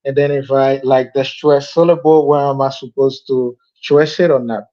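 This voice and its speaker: Male English learner, mellow voice, halting speech, muffled online call sound. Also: medium pitch, fairly even intonation. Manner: hesitant, halting with fillers. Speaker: student. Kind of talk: casual chat in a live lesson.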